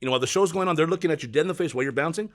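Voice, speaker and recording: A middle-aged man, a music agent, telling stories in a casual interview, animated and swearing freely. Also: on the high side, rapid-fire.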